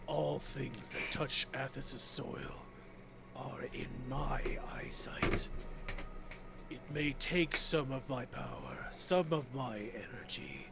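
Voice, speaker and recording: A man voicing a solemn, ancient stone earth guardian in a slow, breathy, half-whispered voice, over a noisy home mic. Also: mid-range voice. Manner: slow, grave.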